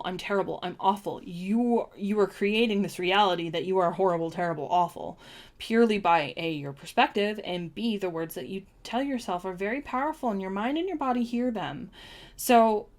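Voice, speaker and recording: Woman, mid-pitched voice; chatty, rambling card reader talking to her stream. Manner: chatty, rambling, with many ums and restarts. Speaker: tarot reader. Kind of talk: live-streamed oracle reading.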